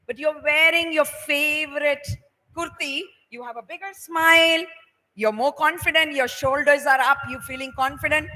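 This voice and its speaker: A woman leads a playful motivational session for students. Her voice is high and bright, and she acts out everyday scenes as she talks. Her words ring out through the long reverb of a large hall. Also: normal speed. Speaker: workshop speaker. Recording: echoey hall.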